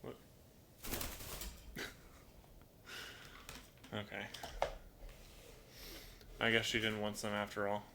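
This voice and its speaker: A man hosting a casual live stream from home, chatting in a rambling way, reading viewer comments aloud and talking softly to his pet bird. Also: lowish voice, monotone, extremely slow, vocal fry, pauses often, noisy background. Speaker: live-stream host and toucan owner. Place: at home indoors.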